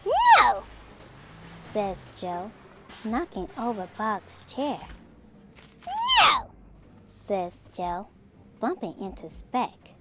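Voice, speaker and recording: A woman reading a children's picture book aloud in an expressive, slow storytelling manner. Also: medium pitch, very noisy. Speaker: storybook reader.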